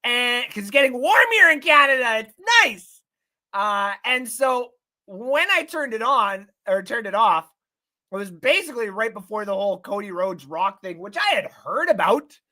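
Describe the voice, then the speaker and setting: A man hosting a casual live-stream sports talk show, swearing often, rambling excitedly and reading out viewer comments. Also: extremely high pitch, moderate pace. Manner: reads out and thanks chat viewers.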